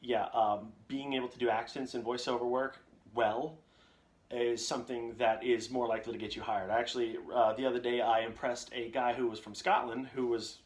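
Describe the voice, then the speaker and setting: A young voice actor chats at normal speed in a level, medium-pitched voice during a live Q&A stream. Recording at home on a condenser mic with a reflection shield, he jokes around and reads viewer comments out loud.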